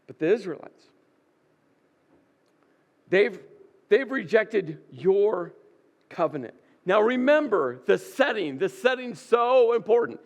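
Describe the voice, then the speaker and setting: Slow, high-voiced male preacher. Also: big pitch swings. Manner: dramatic retelling, acting out quoted dialogue with rising intensity. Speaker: pastor. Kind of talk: sermon.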